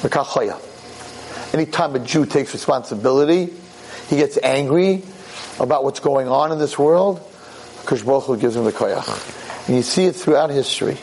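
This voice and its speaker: A man's voice: mid-range voice, moderate pace, a little mellow, slight background noise. A man giving a Torah lecture in an impassioned, exhorting manner.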